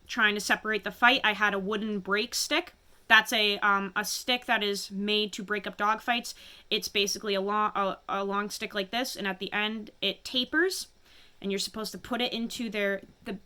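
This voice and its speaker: A woman telling a painful personal story to camera, halting and emotional, often stopping to steady herself. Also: mid-range voice, clear, resonant tone. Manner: halting, emotional, many restarts and pauses. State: fighting back tears. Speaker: vlogger.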